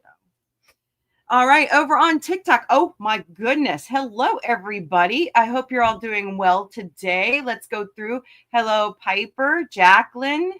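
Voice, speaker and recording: A woman's voice: on the high side, measured pace, bright, forceful tone. A woman hosting a casual livestream talk show, joking around and greeting her viewers by name.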